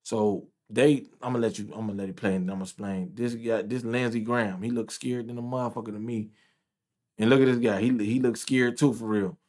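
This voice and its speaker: Man, ranting commentary, profane, repetitive, rising to loud peaks. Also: medium pitch, steady tone, a little fast. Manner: loud, profane, repeating himself.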